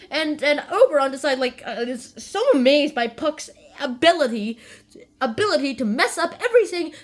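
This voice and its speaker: A young woman casually summarizing a play in a rambling, chatty way, often correcting herself. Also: sits high. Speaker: video host summarizing a play.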